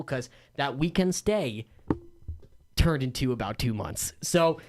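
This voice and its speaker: A man's voice: fairly high pitch, normal speed, slight background noise. A young man telling a wild story as an interview guest, acting out the voices of the people in it. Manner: animated storyteller, acts out voices, laughs. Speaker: guest, MMA fighter and announcer.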